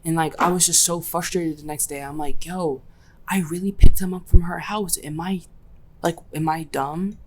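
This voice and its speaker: Low-voiced young woman telling a story. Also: moderate pace, a little hiss or hum. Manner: animated, slangy storytelling with voiced-out quotes. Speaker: podcast host. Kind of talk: casual storytelling chat.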